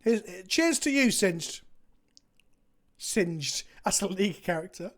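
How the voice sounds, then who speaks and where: Casual English male streamer, animated, rambling and foul-mouthed. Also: high-pitched, slow. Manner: rambling, sweary, self-mocking banter. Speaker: Magic card game content creator. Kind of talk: casual chat on a live stream.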